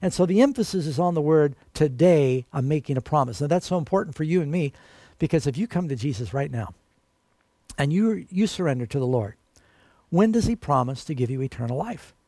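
A man's voice: on the high side, animated, fairly quick, warm tone, dry recording. A man preaching a sermon in an earnest, emphatic way and calling his listeners friends.

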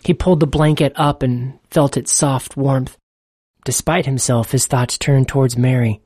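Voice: mid-range voice, steady tone, normal speed. Earnest storybook narrator.

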